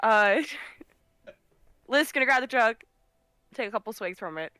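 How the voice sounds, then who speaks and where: A woman in a casual tabletop game session, laughing often as she talks. Her pitch leaps around in lively swings, and her voice sounds close and dry. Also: moderate pace, smooth, dry recording. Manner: giggly, animated, laughs often. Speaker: player.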